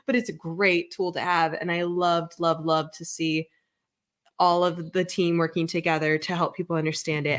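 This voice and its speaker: A woman therapist hosting a podcast, explaining ideas in a lively way with examples. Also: fairly low pitch. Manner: animated, explains with examples, quick laughs. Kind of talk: casual chat.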